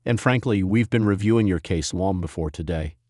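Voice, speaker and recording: Man voicing an emotionless agent, storybook figure, flat and matter-of-fact, low voice, dry sound. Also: brisk, no room sound. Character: emotionless bespectacled male federal agent.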